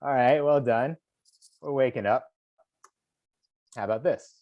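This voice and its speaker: A man's voice: mid-range voice, measured pace, no echo, dull audio. A man, a poet, leading a virtual workshop for teachers over a video call, encouraging them and counting beats aloud.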